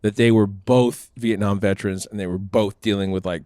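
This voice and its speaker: A podcast host sharing film trivia in a relaxed, casual chat. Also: male voice, on the low side, normal speed, no echo, studio quality.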